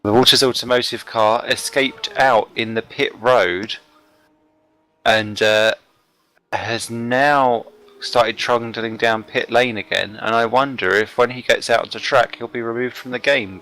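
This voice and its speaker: Male broadcast host, bright crisp voice, joking and teasing. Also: medium pitch, steady tone, normal speed. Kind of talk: casual race commentary.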